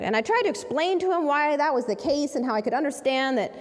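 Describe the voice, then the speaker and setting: High, lively woman telling a story. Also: fast, few pauses, long reverb tail. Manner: animated, acts out quoted voices. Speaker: lawyer telling a story to an audience. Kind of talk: dramatic storytelling speech.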